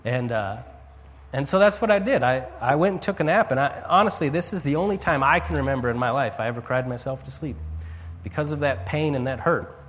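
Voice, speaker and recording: A man's voice: medium pitch, animated, brisk, in a large hall, a little hiss or hum. A man preaching, telling a personal story with frequent repeated words and sudden rises and drops in his voice. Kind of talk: sermon testimony.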